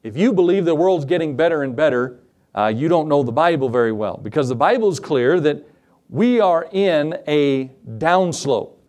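A man's voice: on the high side, expressive, moderate pace, darkish tone. A man preaching a sermon, reading scripture and speaking earnestly, drawing out key words. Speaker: pastor.

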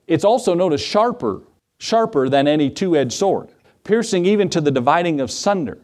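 A man's voice: a little high, animated, moderate pace, a little mellow. A man in the role of pastor, preaching a sermon in a church, conversational, with asides and questions to the congregation. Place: church sanctuary.

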